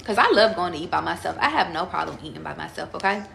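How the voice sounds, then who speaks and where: A woman's voice: on the low side, lively intonation, quick pace, gravelly, a bit bright. A woman giving a casual live tarot reading, chatty and emphatic, swearing freely and calling out viewers by name. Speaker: tarot reader on a livestream. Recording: echoey room with faint noise.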